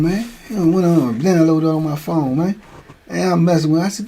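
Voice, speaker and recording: A middle-aged man hosting a streamed show, telling lively stories in a casual way, laughing often and tagging lines with "man.". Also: a little high, brisk, over music. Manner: animated, laughs often, repeats "man" a lot. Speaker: show host. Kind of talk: casual storytelling chat. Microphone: streaming mic.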